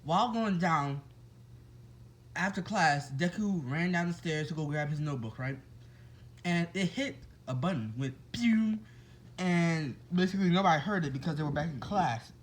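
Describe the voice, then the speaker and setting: Man telling a made-up story off the cuff, rambling and chatty, slightly high-pitched. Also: normal speed, rough recording. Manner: rambling, with restarts and asides to listeners. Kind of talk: casual improvised fan-fiction storytelling.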